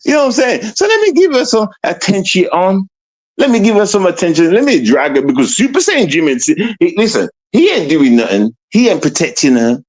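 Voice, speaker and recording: A British man ranting on a livestream, mocking and confrontational, jumping from raised outbursts to low mutters. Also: wildly swooping pitch, normal speed, a little mellow, breathy edge. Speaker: streamer.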